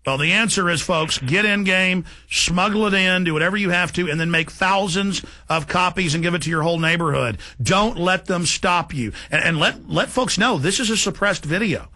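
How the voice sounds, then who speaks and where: A male talk radio host with a bright, forceful voice. He speaks fast and emphatically, with constant indignation. His pitch sits a little above the usual for a man.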